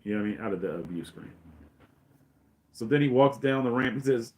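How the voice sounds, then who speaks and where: A middle-aged male host talks through a film scene by scene. His voice sits at an ordinary pitch, and he rambles eagerly with lots of fillers. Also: brisk. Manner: excited, rambling retelling with many fillers. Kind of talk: casual film recap commentary.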